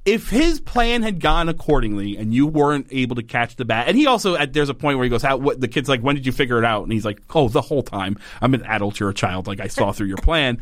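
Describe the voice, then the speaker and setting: Animated man recapping with lively swings. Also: medium pitch, fast, hardly any pauses, no room sound, studio quality. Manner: animated, swearing, mimics characters in quotes. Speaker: podcast co-host. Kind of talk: casual chat recapping a TV episode.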